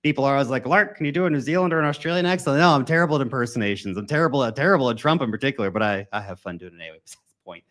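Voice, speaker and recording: A man hosting a crypto livestream, talking in a casual, slangy, energetic way and greeting viewers. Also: mid-range voice, very fast. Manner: energetic, slangy, chatty, swings loud and soft. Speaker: crypto YouTube host.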